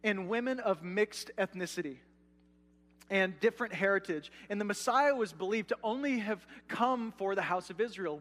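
Man, pastor, conversational sermon, high-pitched voice, long hall reverb. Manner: conversational, animated preaching with asides to the congregation.

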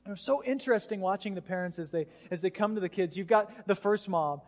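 Animated man preaching in a reverberant hall. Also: high voice, fast. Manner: animated storyteller, acts out voices. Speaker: pastor. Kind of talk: sermon with storytelling. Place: church hall.

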